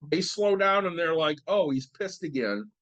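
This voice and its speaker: A man co-hosting a casual podcast who talks things through in a calm, reflective, matter-of-fact way. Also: a little high, moderate pace, dry recording, lo-fi sound. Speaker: podcast co-host. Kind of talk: casual chat. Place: podcast studio.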